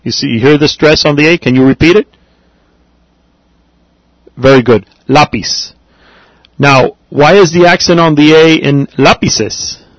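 A man teaching a Spanish grammar lesson, patient and deliberate, spelling out words and saying them again. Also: on the high side, dry recording, rough recording.

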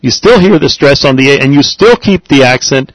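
A man teaching a Spanish grammar lesson, patient and deliberate, spelling out words and saying them again. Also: medium pitch, lively intonation, dry recording, poor audio.

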